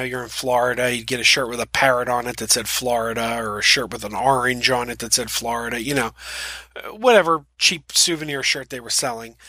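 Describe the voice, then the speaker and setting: Chatty guy guest-hosting a podcast, bright voice, halting with uhs, dry close mic. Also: on the high side, dry recording. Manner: chatty, halting with fillers and restarts. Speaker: guest host. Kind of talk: casual storytelling.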